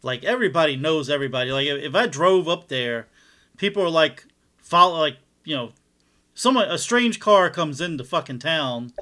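Middle-aged male co-host, bright tense tone, laid-back storyteller, chuckles often. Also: a little high, lively intonation, moderate pace. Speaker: podcast co-host. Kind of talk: casual MMA chat.

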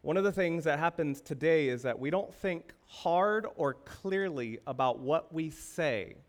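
A man's voice: a little high, expressive, measured pace. A male pastor preaching a sermon, asking the congregation rhetorical questions with emphasis.

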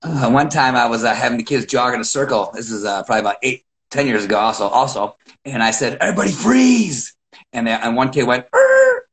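Animated middle-aged man telling coaching stories. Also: mid-range voice. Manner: animated storyteller, acts out his own shouts. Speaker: wrestling coach. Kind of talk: casual podcast chat.

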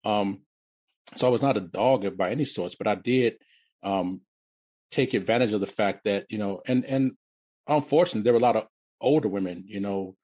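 A man in his fifties, originally from Detroit, telling his life story as an interview guest in a halting way, often repeating and restarting words. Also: on the low side, darkish tone, no room sound. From Detroit, USA.

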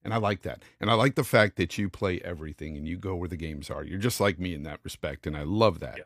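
A man's voice: sits low, fast talker, a bit bright, dry recording, studio quality. A man in his fifties hosting a podcast, speaking casually with many fillers. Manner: friendly, hesitant with many fillers. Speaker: podcast host. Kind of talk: casual interview chat.

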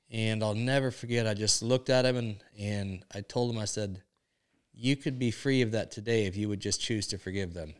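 A man with a lowish, smooth and resonant voice tells a faith testimony into a podcast mic. He speaks earnestly and strings his thoughts together with frequent "and, uh", like someone recounting a story that moved him. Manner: earnest storytelling, many "and, uh" links. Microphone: podcast microphone.

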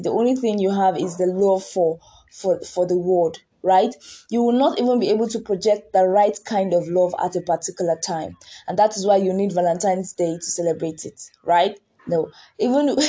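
A woman delivers a sermon in a warm, mellow, slightly husky voice. She speaks earnestly, circling back on her words and putting rhetorical questions to her listeners. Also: mid-range voice. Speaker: preacher.

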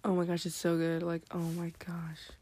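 A woman's voice: lowish voice, monotone, moderate pace, warm tone, husky. Whispery, rambling late-night teen girl. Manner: scattered, drifts into whispered asides; breathless exclamations and giggles. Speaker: vlogger.

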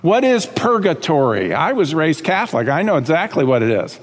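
High-voiced preacher man in a reverberant hall. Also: very animated, moderate pace. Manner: conversational preaching with frequent asides and "okay?" checks. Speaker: pastor. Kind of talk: sermon.

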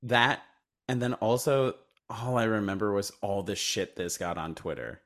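Male podcast co-host, deep voice, dry jokey movie banter. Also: normal speed, a bit bright. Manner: wry, laughs easily, jokey asides. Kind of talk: casual movie-review chat.

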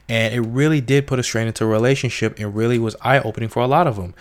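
Young man, low-ish voice, casual slangy book review, animated impressions of quoted people. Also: fast, few pauses. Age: young adult.

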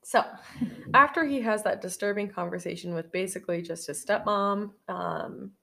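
A woman's voice: mid-range voice, moderate pace, vocal fry, fairly bright tone. A young woman co-hosting a podcast, recapping a horror film in casual chat, giggly and rambling with some swearing. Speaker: podcast co-host.

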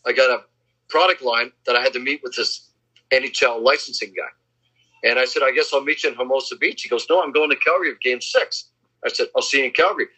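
A man in casual chat, telling boastful anecdotes and acting out the quotes in a husky voice. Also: medium pitch, bright, forceful tone. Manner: boastful name-dropping anecdotes, acts out quotes. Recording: slightly dull lo-fi sound.

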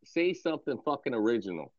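A man's voice: mid-range voice, big pitch swings, quick pace, darkish tone, highs cut off. A man hosting a voice chat, taunting his opponent aggressively with constant profanity and repetition. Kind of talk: voice chat insult exchange.

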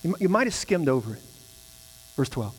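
Male pastor, high voice, emphatic sermon, long church reverb and hum. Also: big pitch swings, fairly quick. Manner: emphatic preaching with rising repeated phrases. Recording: hall reverb with mains hum.

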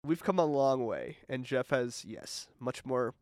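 A man co-hosting a podcast in casual chat, easygoing and quick to laugh. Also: mid-range voice, lively intonation, a little mellow, no echo, studio quality. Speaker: podcast co-host.

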